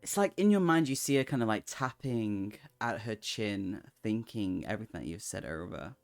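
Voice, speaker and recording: A man's voice: lowish voice, animated, moderate pace, creaky, no room sound, faint music behind. A man running a tabletop game as game master, talking casually with hesitant restarts.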